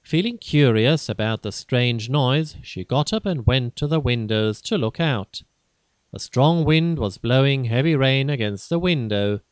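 A man narrating a simple graded-reader story in a slow, careful, even way. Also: mid-range voice, dry recording.

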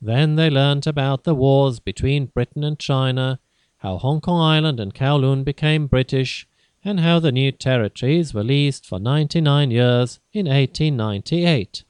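A man narrating a simple graded-reader story in a slow, careful, even way. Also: mid-range voice, smooth, dry recording.

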